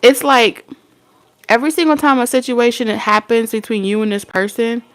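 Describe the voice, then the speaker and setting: A woman's voice: a little high, moderate pace. Blunt tarot-reading woman, casual and salty. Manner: blunt, swearing, acts out imagined dialogue. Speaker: tarot reader.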